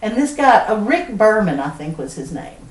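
A woman's voice: medium pitch, moderate pace. Southern woman telling a laughing story. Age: middle-aged. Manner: animated storyteller, laughs often mid-sentence. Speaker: podcast co-host. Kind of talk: casual storytelling chat. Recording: roomy sound from a distant mic.

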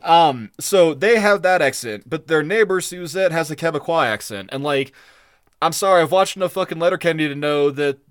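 A man with a slightly high voice rants through a casual podcast review, swearing freely and jumping between gripes. His voice sits close and dry on the mic, with no room sound around it. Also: moderate pace, clean tone, no room sound. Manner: profane, ranting, animated. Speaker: podcast co-host. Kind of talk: casual episode review chat.

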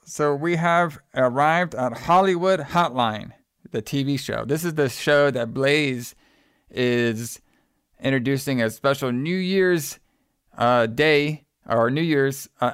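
A man's voice: mid-range voice, a little slow, smooth, no echo, studio quality. A man co-hosting a podcast, recapping a movie in a laid-back, rambling way and laughing often. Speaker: podcast co-host. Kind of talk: casual chat.

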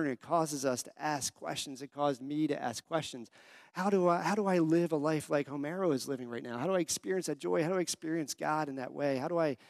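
A man's voice: on the high side, dry recording, studio quality. A young adult man preaching a sermon, telling personal stories and asking the congregation questions. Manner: conversational storytelling, asks the congregation questions. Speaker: pastor.

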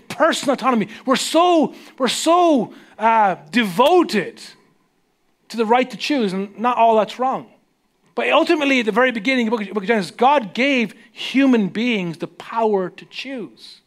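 Male Irish preacher, very high register, chatty sermon delivery with hushed emphasis. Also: expressive. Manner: conversational, asks the audience questions; slows down and drops to a hush for emphasis. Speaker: pastor.

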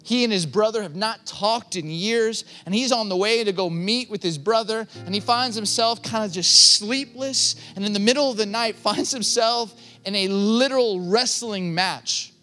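A man's voice: high voice, moderate pace, hardly any pauses, pushed and bright, faint music behind. A man preaching a sermon, impassioned and direct, building to emphatic peaks as he speaks straight to the congregation.

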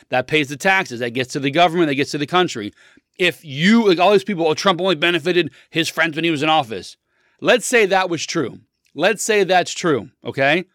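A man's voice: high voice, fairly bright tone, no echo, studio quality. A man in his thirties talking politics in a blunt, opinionated, rambling monologue, full of restarts.

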